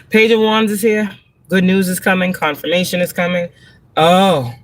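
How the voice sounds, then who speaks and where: A woman's voice: fairly low pitch, fairly even intonation, moderate pace. A woman giving a live tarot reading, blunt and profane, talking emphatically with frequent laughs and rhetorical questions. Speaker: tarot reader on a livestream.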